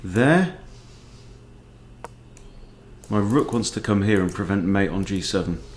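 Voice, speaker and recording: A man, a chess coach thinking aloud in a relaxed, understated way as he plays a fast game. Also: on the low side, slight background noise. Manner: muttering, understated, self-talking. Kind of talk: thinking aloud while playing blitz chess.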